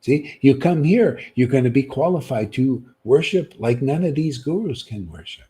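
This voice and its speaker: A man's voice: mid-range voice, expressive, moderate pace, warm tone, slightly rough. A man giving a livestreamed sermon, preaching with many rhetorical questions and a repeated "see?", emphatic and sometimes scolding. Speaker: spiritual teacher.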